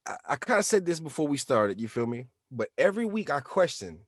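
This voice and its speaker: A man co-hosting a casual podcast, his voice pitched a little high. He talks in an animated, slangy way and breaks into acted-out quotes. The mic is dry and close. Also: brisk, breathy edge, no room sound. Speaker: podcast co-host. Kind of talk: casual chat.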